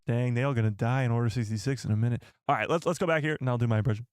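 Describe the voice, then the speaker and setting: A man hosting a live stream, chatting with viewers in an excitable, joking way. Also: mid-range voice, rapid-fire, over music. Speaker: livestream host.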